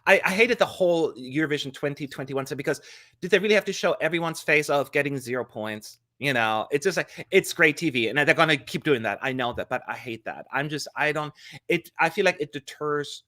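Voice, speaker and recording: A man co-hosting a casual podcast chat over a video call, expressive and opinionated, laughing often. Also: a little high, brisk, dry recording, studio quality. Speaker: co-host.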